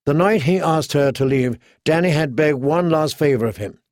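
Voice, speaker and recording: A man reading a fantasy novel aloud in steady, measured scripted narration. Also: a little high, dry recording, studio quality. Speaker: audiobook narrator.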